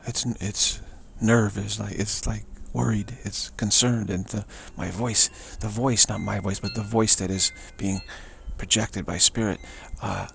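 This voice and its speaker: Male spiritual teacher, low and gravelly, very husky, voice fading, halting monologue. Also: fairly even intonation, a bit bright, a little hiss or hum. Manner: halting, searching delivery with frequent restarts. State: voice fading to a whisper.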